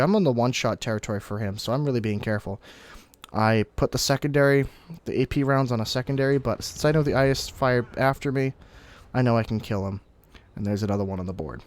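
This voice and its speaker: A young man giving casual, explanatory commentary over his own gameplay, breaking into sudden excited outbursts now and then. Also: medium pitch, brisk. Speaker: gaming commentator.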